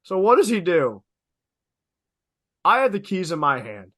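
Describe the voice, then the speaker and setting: A young man co-hosting a podcast, telling stories in an animated, emphatic way, swearing freely and repeating lines for effect. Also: high-pitched, unhurried, dry recording, clean studio sound. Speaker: podcast co-host. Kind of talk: casual podcast storytelling.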